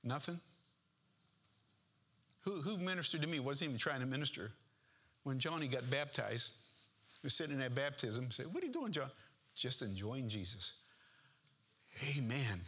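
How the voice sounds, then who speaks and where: A man's voice: medium pitch, pushed and bright. A man preaching a sermon as pastor in a church, earnest and impassioned, building to emphatic peaks.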